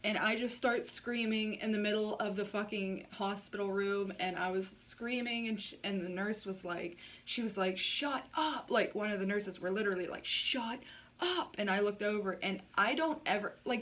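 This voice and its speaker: A woman's voice: medium pitch, steady tone, a little fast, hardly any pauses, distant mic. A woman vlogger telling a personal story in a blunt, candid way, swearing freely and saying "like" a lot. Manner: blunt and frank, swears freely, many filler likes.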